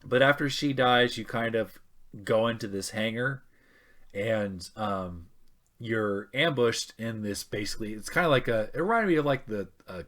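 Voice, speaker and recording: A man co-hosting a gaming podcast, chatting casually with frequent pauses and restarts. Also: lowish voice, expressive, fairly bright tone. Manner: hesitant, many ums and restarts. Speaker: podcast co-host.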